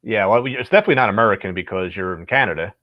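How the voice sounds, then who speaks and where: Expressive male livestream host. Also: on the low side, no room sound, dull audio. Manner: friendly, halting, with frequent restarts. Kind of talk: casual livestream chat.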